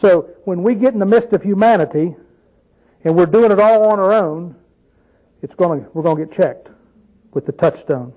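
A man's voice: high voice, moderate pace, warm tone, lo-fi sound. A man preaching an informal Bible teaching, conversational, often asking his listeners questions and telling folksy stories. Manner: conversational, asks the audience questions, tells folksy asides.

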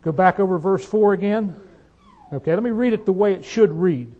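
A man's voice: high-pitched, a little fast, dark tone. A man preaching a sermon, reading scripture aloud and quizzing his listeners with emphatic rhetorical questions. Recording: dull lo-fi sound.

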